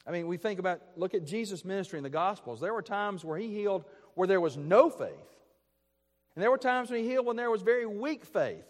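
A man delivers a sermon in an earnest, measured way, pausing to pose rhetorical questions and often restarting his phrases. His voice sits a little high for a man. A long reverb trails each phrase, as though he is preaching in a large hall. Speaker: pastor.

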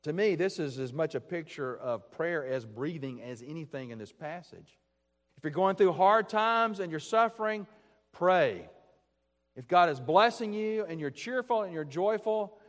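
A man preaching a sermon as pastor, earnest and emphatic, repeating his key phrases. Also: on the high side. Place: church sanctuary. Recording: long church reverb.

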